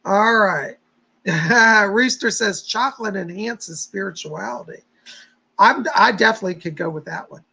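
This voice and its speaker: A man's voice: high-pitched, measured pace, vocal fry, sharp tone, breathy edge, poor audio. A man hosting a psychic livestream who chats casually with viewers, greets them by name, leads a guided meditation and gives readings.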